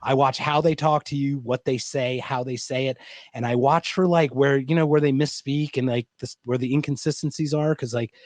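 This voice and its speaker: Rambling, animated storyteller man from Philadelphia. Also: medium pitch, moderate pace, no room sound. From East Coast of the United States, Philadelphia. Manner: animated, rambling, full of "like" and asides. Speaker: guest. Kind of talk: casual storytelling on a video call.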